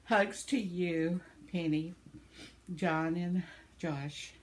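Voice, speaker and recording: A woman's voice: fairly low pitch, steady tone, extremely slow, a little hiss or hum. An older woman hosting her own channel, casually reading viewer comments aloud in a chatty, tender way, laughing often and stumbling over names. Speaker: channel host.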